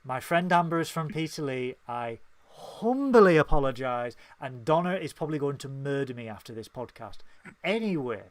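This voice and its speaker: A man's voice: medium pitch, lively intonation, normal speed, no echo. A man with a Northern English accent, co-hosting a casual podcast and speaking in an impassioned, emphatic way. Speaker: podcast co-host.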